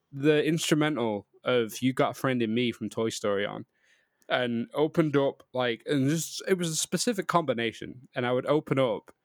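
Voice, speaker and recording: A young man talks loosely and rambles, padding every thought with filler and breaking into laughter. His voice sits in a middle pitch, recorded dry with no room around it. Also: dry recording. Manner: rambling, lots of "like", laughs easily. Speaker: podcast co-host. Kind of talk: casual chat. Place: remote online call.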